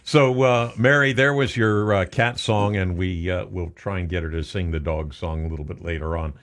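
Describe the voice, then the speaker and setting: A man's voice: sits low, moderate pace. A man hosting a morning radio show, bantering playfully and jokingly with his guest. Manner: playful, jokey, lively interjections. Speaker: radio host.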